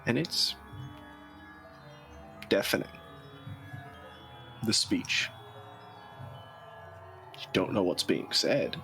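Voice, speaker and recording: A man runs a tabletop role-playing game. His voice sits fairly low and he takes his time, pausing and restarting while he narrates what the players see, with faint music underneath. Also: creaky. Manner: relaxed, halting narration with frequent laughs. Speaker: storyteller.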